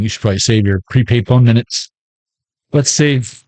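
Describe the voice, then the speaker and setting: A man's voice: mid-range voice, fairly quick, a little mellow, dry recording. A man hosting a casual tarot reading vlog, full of playful jokes and asides. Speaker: tarot reader.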